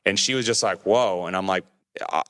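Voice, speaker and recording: Low-voiced man telling a story in casual chat. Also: fairly quick, smooth. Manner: animated, acts out quoted voices, many restarts. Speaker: podcast co-host telling his crash story.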